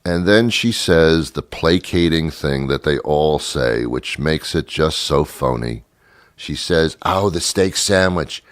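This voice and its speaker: Deep-voiced sarcastic talk show host. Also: male voice, slow, no echo. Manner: sarcastic, rambling, mock-scolding; self-mocking asides. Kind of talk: comedic monologue.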